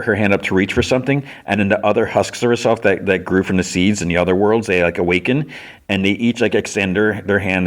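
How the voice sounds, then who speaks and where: A man hosting a podcast, casually retelling an episode scene by scene and briefly acting out characters' lines. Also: low voice. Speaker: podcast host.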